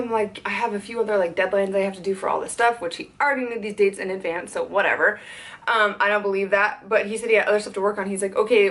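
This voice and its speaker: A young woman venting in a fast, worked-up storytime vlog, swearing as she tells it. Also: medium pitch, fairly bright tone. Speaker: content creator.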